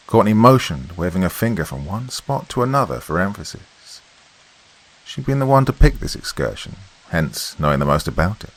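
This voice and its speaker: A man reads the script of a horror podcast story, keeping a measured, steady pace. His low, deep voice stays unhurried and even throughout, though the audio is poor.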